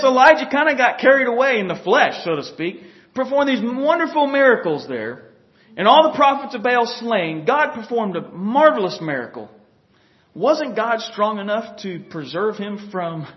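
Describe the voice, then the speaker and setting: A man's voice: high-pitched, lo-fi sound. A man preaching a folksy, conversational sermon who often chuckles and talks straight to his listeners.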